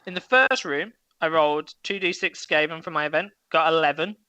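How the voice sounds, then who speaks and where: A man's voice: a little high, brisk, pushed and bright, no echo, muffled recording. A man telling a game story casually over a video call, with loose fillers. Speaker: guest. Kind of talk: casual chat.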